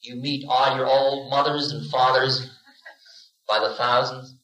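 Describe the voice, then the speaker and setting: Speaking a little slowly, the man's medium-pitched voice stays fairly flat yet sounds pushed and bright. He's a spiritual teacher in his forties, playfully lecturing with stories and impersonated little voices, heard through a roomy 1970s lecture recording.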